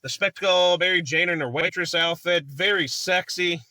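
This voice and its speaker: A man gushes about a film in loose, rambling chat, breaking into laughter and quick impressions of the characters. His voice sits a bit high and sounds bright and forceful. The recording is dry and close. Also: dry recording. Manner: rambling, enthusiastic, laughs often, acts out movie lines. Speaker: movie reviewer. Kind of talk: casual movie review chat.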